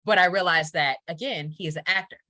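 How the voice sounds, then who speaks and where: A woman with a low but bright, sharp-edged voice talks casually and shares her opinions, laughing often. The sound is dry and close, with no room around her. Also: fast, no echo. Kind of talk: casual chat.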